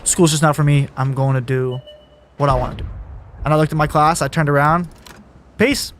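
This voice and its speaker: Brief: young man, quick storyteller, slightly high voice, casual and profane. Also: steady tone, a little hiss or hum. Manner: storytelling, swears freely. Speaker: guest telling his story. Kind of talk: casual podcast chat.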